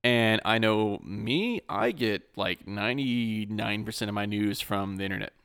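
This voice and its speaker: A man's voice: on the low side, a little slow, fairly bright tone, smooth. Laughing young man hosting a podcast chat. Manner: laughs often, repeats words while talking. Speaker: podcast host. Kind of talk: casual chat.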